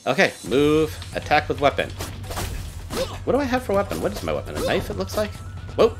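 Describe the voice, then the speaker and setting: A man chats through a let's-play video, playful and sarcastic as he reacts. His voice sits in a middle register but moves around a great deal. The talk is loose and casual. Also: mid-range voice. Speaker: game streamer.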